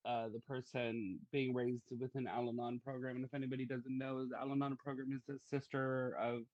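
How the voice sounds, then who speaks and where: A man's voice: mid-range voice, little pitch movement, a little fast, dry recording. Chatty man with a dull, dry sound. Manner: chatty, storytelling, uses fillers. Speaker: podcast host. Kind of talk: casual conversation.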